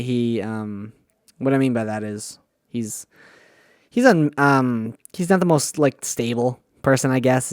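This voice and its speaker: A young man telling stories in a relaxed, slangy monologue full of fillers. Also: medium pitch, dry recording, studio quality. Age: young adult. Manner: laid-back slangy, many fillers and "dude". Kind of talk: casual storytelling monologue.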